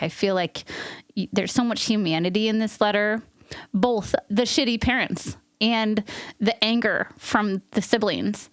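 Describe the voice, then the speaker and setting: A woman's voice: mid-range voice, fairly bright tone, clean tone, no echo, studio quality. A woman co-hosting a podcast in casual chat, earnest and openly emotional, rambling with restarts. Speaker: podcast co-host.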